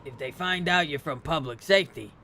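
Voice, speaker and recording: A man streaming a game who reads translations of the lines aloud and adds quick asides. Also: fairly high pitch, creaky, bright, forceful tone, a little hiss or hum. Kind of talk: live translation reading.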